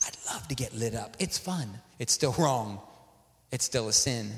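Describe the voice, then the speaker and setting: Animated man preaching in a hall. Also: medium pitch, measured pace. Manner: storytelling, animated, acts out dialogue. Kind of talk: sermon. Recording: long hall reverb.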